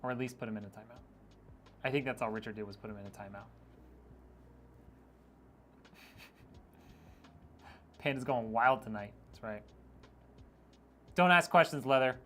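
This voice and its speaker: A man's voice: lowish voice, fairly even intonation, moderate pace, pauses often, slight background noise. A man streaming a PC build, chatting casually and teasing viewers as he reads their messages, with frequent laughs. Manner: joking, teasing, laughs often.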